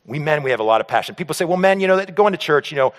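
A man's voice: fairly high pitch, racing, big-room sound. A man preaching to a men's group, telling stories and acting out other people's voices. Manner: animated, acts out the voices of others in his stories. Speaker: pastor speaking to a men's group. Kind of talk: sermon with personal storytelling.

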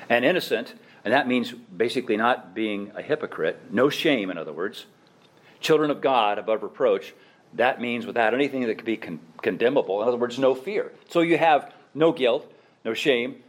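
A middle-aged man, a pastor, preaching a sermon with emphatic exhortation and self-deprecating asides. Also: medium pitch.

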